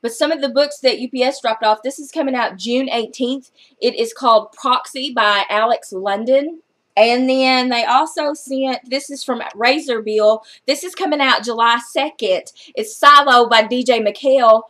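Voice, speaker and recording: An excitable woman vlogger with a somewhat high voice talks loosely through a book haul. She gushes over what she loves and drops the odd casual curse, all in easy chat. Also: moderate pace. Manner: chatty and excitable, gushing, casual swearing.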